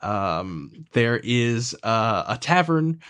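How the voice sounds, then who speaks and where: A man's voice: medium pitch, sing-song, drawn-out words, a bit bright, clean tone. A man narrating as game master in a tabletop game, hesitant with many fillers.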